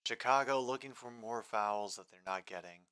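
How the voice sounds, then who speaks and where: A man's voice: medium pitch, moderate pace, pushed and bright, smooth. A man hosting a casual live sports stream, rambling between game commentary and replies to chat comments.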